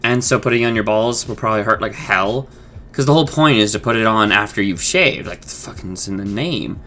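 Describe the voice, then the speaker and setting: A young man hosts a casual episode recap, rambling and correcting himself with a sprinkle of profanity. His voice is on the low side with a bright, forward edge. Faint music plays underneath. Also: brisk. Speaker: host of an episode discussion channel.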